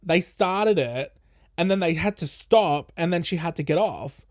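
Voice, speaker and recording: Guy with a high voice ranting on his podcast, cussing a lot, doing everyone's lines. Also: unhurried, no room sound, studio quality. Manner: animated, profane, acts out quoted people. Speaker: podcast host. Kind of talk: casual storytelling monologue.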